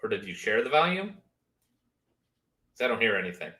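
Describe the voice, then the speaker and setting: A man's voice: on the low side, big pitch swings, a little fast, pushed and bright, breathy edge. A man co-hosting a casual talk show, blunt and profane. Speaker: co-host. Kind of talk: casual chat.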